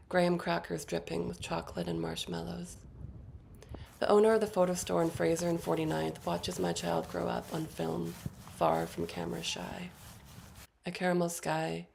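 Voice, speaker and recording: A woman in her thirties giving a poetry reading, with short spoken introductions between poems and a measured, deliberate delivery. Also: lowish voice, flat delivery, gravelly, darkish tone, slight background noise. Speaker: featured poet.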